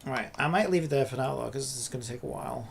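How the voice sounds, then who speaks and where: A man's voice: medium pitch, quick pace, vocal fry, background noise. A man streaming live while building a game, thinking aloud in a rambling, casual way and swearing now and then. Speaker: streamer and indie game developer.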